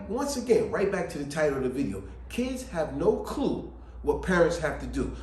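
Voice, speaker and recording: Host type: man, high and lively voice, preachy advice talk, roomy echo. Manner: animated, preachy, repeats phrases. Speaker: video host. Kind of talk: casual family advice talk.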